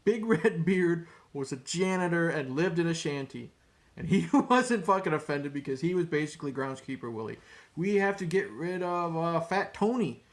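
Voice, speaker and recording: A man ranting casually to camera as a vlogger, rambling, cursing and repeating his words. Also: high voice. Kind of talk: casual opinion rant to camera.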